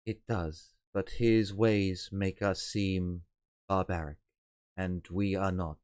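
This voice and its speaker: A game master voicing a soft, noble, elderly-sounding telepathic figure who speaks slowly and formally. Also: male voice, low-pitched, fairly even intonation, smooth. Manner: slow, measured, formal. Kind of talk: tabletop role-play voicing.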